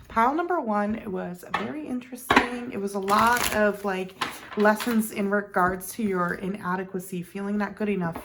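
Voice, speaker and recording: Chatty creaky-voiced woman tarot reader. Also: medium pitch, heavy background noise. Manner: chatty, meandering, with many ums and self-corrections. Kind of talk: casual pick-a-card tarot reading.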